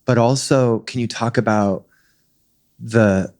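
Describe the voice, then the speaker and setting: A man's voice: mid-range voice, steady tone, takes it slowly, darkish tone. A man hosting an interview, asking long, earnest, rambling questions. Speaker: interview host.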